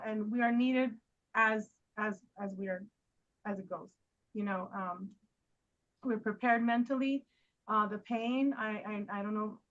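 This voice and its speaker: Rambling woman host, higher voice. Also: highs cut off. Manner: rambling, talks straight to her guests. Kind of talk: casual chat.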